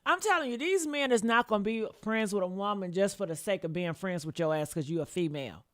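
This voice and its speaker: A woman's voice: medium pitch, expressive, quick pace. A woman hosting a celebrity gossip channel, talking in a sassy, blunt, scolding way.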